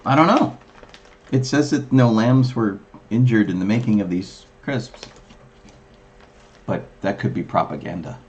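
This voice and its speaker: A woman co-hosting a livestream and chatting casually, wry and animated, often restarting her sentences. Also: very deep voice, measured pace, long pauses, dull audio, a little hiss or hum. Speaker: livestream co-host. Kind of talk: casual chat.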